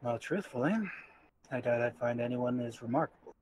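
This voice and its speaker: A man voicing a gentle, earnest old male spider in a tabletop game, with a soft-spoken manner. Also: mid-range voice, fairly even intonation, brisk, noisy background, lightly acted.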